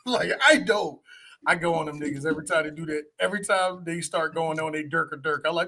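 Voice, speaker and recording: A man's voice: fairly high pitch, brisk, sharp tone. A man co-hosting a podcast in casual, profane banter, with a lot of laughter. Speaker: podcast co-host. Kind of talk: casual chat.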